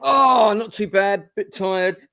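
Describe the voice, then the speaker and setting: A middle-aged man with a high, bright, forceful voice speaks slowly on a dry recording. He's hosting a gamebook stream, chatting casually and rambling through lots of ums and restarts.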